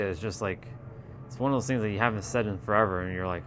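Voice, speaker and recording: Low-voiced man rambling casually. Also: quick pace, a bit bright, slight background noise. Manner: rambling and profane, laughs often. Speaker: livestream host. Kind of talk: casual chat.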